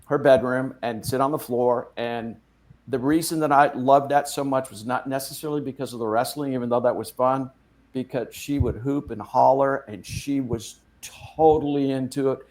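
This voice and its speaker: Male podcast guest, mid-pitched ordinary voice, calm reflective storyteller. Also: moderate pace. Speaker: podcast guest, former bar manager. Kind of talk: casual storytelling.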